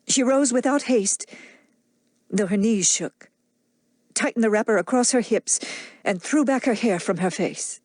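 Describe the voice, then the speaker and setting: A woman narrating an audiobook in a measured, dramatic reading style. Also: fairly high pitch, a little mellow, no echo, studio quality. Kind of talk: scripted narration.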